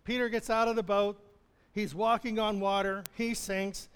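Brief: male preacher, high voice, chuckles through a sermon, long hall reverb. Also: little pitch movement, normal speed, fairly bright tone, smooth. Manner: chuckling often, acting out the quoted lines.

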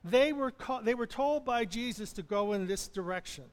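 A man's voice: extremely high pitch, lively intonation, normal speed, in a large hall. A man preaching a conversational sermon as pastor, chuckling often and restarting phrases.

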